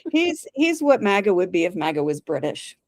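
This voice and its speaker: On a casual podcast with no echo, a co-host with a lowish voice and moderate pace retells a drama episode. She reads scenes aloud one by one, voicing the lines with lively quotes and frequent laughter.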